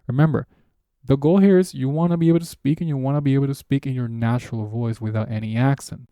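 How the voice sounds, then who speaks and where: A man's voice: mid-range voice, creaky, warm tone, dry recording. A man teaching beginners in a patient way, repeating his points and exaggerating sounds to show them. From Spanish-speaking background. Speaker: language teacher. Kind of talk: explaining a lesson to beginners.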